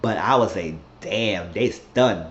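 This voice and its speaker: In a roomy, dull lo-fi recording, a TV recapper talks through a season finale in a loose, meandering way, frequently starting his sentences over. He speaks slowly in a voice on the low side.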